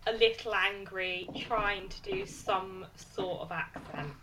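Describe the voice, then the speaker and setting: Bright-voiced teasing woman. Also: mid-range voice, slow pace, slight background noise, poor audio. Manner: teasing, laughs often. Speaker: podcast co-host. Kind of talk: casual film podcast chat.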